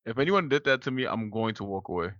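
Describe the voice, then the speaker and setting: A man co-hosting a podcast, his voice bright and lively as he jokes and tells stories in slangy banter. The sound is dry and a little dull and lo-fi. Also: on the low side, quick pace, dry recording. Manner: animated, joking, slangy banter. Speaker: podcast co-host. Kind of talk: casual chat.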